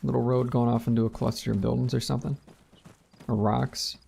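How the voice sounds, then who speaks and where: A man's voice: mid-range voice, little pitch movement, brisk, creaky, warm tone, breathy edge. A man streaming a multiplayer war game, chatting casually and calling orders to his squad over voice chat.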